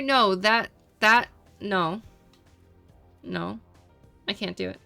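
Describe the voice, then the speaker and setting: A woman's voice: medium pitch, extremely slow, vocal fry, bright, forceful tone, no echo, faint music behind. A young adult woman streamer chatting casually with viewers, rambling and repeating herself, filling with "like".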